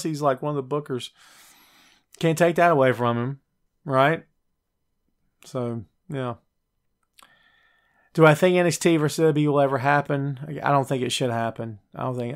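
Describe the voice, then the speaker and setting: On his easygoing wrestling talk show, a man of average pitch for a male voice goes through his picks in a chatty, jokey manner. He addresses live viewers directly and uses quick high-pitched voices when quoting wrestlers.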